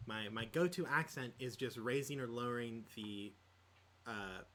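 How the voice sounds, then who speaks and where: A man's voice: mid-range voice, measured pace, a bit bright. A man co-hosting a podcast in casual chat, rambling with lots of fillers and laughs. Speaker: podcast co-host.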